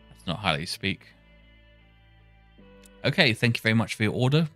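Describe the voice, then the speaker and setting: Man, lowish voice, rambling self-correcting tech vlogger, faint music underneath. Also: very animated, normal speed, long pauses, fairly bright tone. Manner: muttering, self-correcting, chuckles at himself. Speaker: programmer testing speech software. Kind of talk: casual thinking-aloud coding session.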